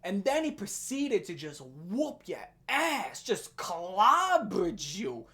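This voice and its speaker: A young adult woman hosting a ranting commentary video, animated and profane, often laughing. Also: medium pitch, slow pace. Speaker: commentary channel host.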